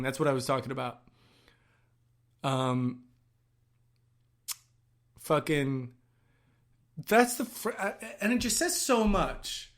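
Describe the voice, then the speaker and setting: A man who works as an actor and writer, giving casual watch-along commentary on a film in an excitable, gushing way that bursts into yelling. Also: on the high side.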